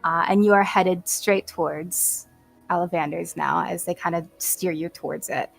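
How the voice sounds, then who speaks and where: A woman narrating a tabletop role-playing game as game master, unhurried and hesitant, with many fillers and small laughs. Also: fairly low pitch, fairly even intonation, gravelly, dry recording, faint music behind.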